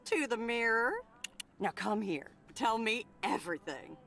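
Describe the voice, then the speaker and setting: A bubbly Southern diner owner in her middle years, as a woman puts her on, all sing-song swoops and homey charm. She sits high and fusses over everyone, calling them hon. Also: animated, a little slow, a bit bright. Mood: doting. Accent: put-on American Southern. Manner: folksy, doting, calls people hon.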